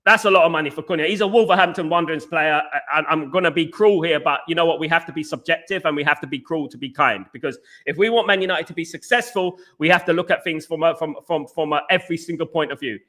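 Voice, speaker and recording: Bright, fired-up man ranting. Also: fairly high pitch, quick pace, few pauses. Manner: heated, repetitive, talks back to chat. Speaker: football podcast host. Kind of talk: casual live-stream rant.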